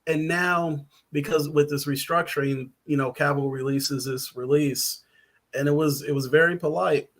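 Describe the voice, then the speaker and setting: A man's voice: a little high, fairly even intonation, moderate pace. A man who is a writer and guest on a podcast, chatting casually, rambling with lots of ums and little laughs.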